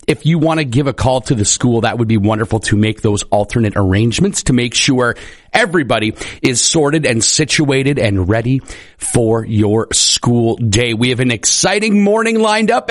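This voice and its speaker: A man's voice: mid-range voice, dry recording, studio quality. A man hosting a morning radio show, chatty and upbeat. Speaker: radio host.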